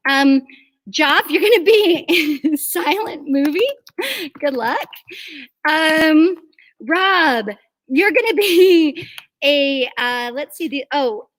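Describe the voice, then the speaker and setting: A woman's voice: high voice, fairly bright tone, no room sound. A woman hosting an improv game, cheerful and laughing as she calls out players' names. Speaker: improv host.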